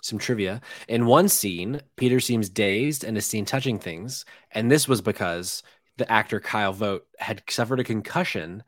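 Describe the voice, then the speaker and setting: A man's voice: on the low side, normal speed, no room sound, clean studio sound. A man in casual podcast chat, sharing film trivia with a few stumbling restarts.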